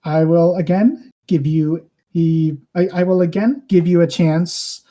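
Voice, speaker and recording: A woman's voice: fairly low pitch, steady tone, dark tone. A woman playing an affronted male king who holds his anger in check in a tabletop game. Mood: restrained anger. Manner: slow, measured, restrained anger.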